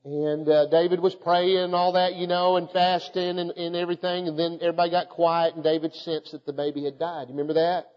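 A man's voice: fairly high pitch, little pitch movement, fairly quick, few pauses. A man preaching a fervent sermon, often calling out to his congregation and repeating his points. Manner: fervent, repetitive, calls out to the congregation. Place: church. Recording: dull audio with long church reverb.

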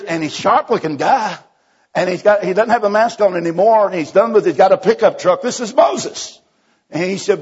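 A man's voice: sits high, brisk, darkish tone, breathy edge, muffled recording. A man preaching a folksy sermon, telling a story and acting out the dialogue with many restarts. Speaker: evangelist preacher.

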